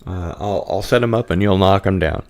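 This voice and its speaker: A deep-voiced podcast host talks a little quickly in a casual, relaxed chat. Reading viewer comments aloud, he stumbles along with frequent ums.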